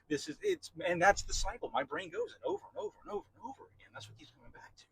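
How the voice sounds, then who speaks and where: A man's voice: extremely high pitch, huge pitch swings, racing, creaky, hardly any pauses, fairly bright tone, slight background noise, rough recording. A middle-aged man hosting a podcast, talking through a candid personal monologue in a rambling, repetitive way with frequent swearing. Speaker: podcast host.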